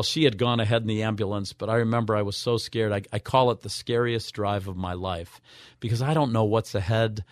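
A man's voice: on the low side, no echo. Older guy telling a heartfelt story on radio, earnest, does everyone's voices, dry close sound. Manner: earnest, acts out quoted voices with wide swings. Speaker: radio show guest. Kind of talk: emotional personal storytelling.

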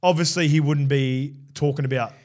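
Aussie guy cohosting a podcast, kinda high voice, relaxed, keeps nudging the other guy along. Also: moderate pace. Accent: Australian. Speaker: podcast co-host. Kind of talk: casual podcast chat.

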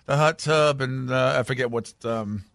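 A man's voice: medium pitch, moderate pace, vocal fry, a bit bright, no room sound, studio quality. A man co-hosting a sports talk show, telling rambling stories in casual banter. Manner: rambling storyteller, playful banter. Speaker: sports radio co-host. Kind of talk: casual chat.

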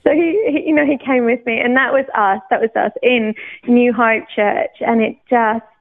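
A young woman from the UK tells her faith story, animated and quick to laugh, often restarting her sentences. Her voice sits a little high. The sound is thin and narrow, like a phone line on the radio. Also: creaky. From United Kingdom. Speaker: guest sharing testimony. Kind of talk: personal faith testimony, casual storytelling.

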